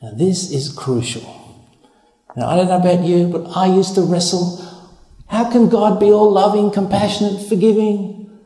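A man's voice: high voice, moderate pace, dark tone. A man preaching a sermon in an emphatic, conversational way, with laughs and acted asides. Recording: echoey hall.

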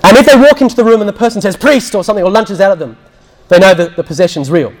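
A man's voice: high voice, very fast. A man, a Catholic priest giving a teaching talk, telling stories and acting out the people he quotes. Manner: storytelling, acts out quotes, drops to a hushed voice when recounting prayers.

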